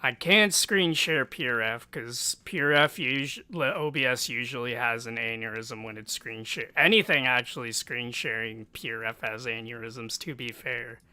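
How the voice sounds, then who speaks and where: A man's voice: mid-range voice, moderate pace, hardly any pauses, sharp tone, clean tone, no echo. An American man streaming live while drawing, rambling to himself in a self-mocking, offhand way.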